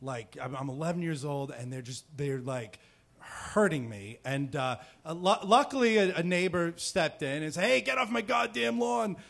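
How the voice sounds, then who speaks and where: A man in his thirties from New Jersey tells a personal story on stage in a fairly high voice. He talks casually and rambles, with plenty of fillers and restarts. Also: expressive, normal speed. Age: 30s. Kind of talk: live storytelling. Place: stage before a live audience.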